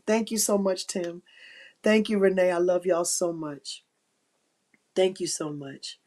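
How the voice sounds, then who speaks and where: Middle-aged woman host, lowish voice, heartfelt faith encouragement, near tears, repetitive. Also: darkish tone. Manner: heartfelt and encouraging, repeats key phrases. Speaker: livestream host. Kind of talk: inspirational faith talk on a live stream.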